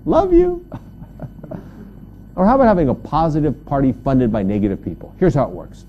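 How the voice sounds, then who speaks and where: A man giving a humorous motivational talk, telling stories and jumping high on punchlines. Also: fairly quick, muffled recording, a little hiss or hum. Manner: animated storyteller, jumps high on punchlines. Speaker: motivational speaker.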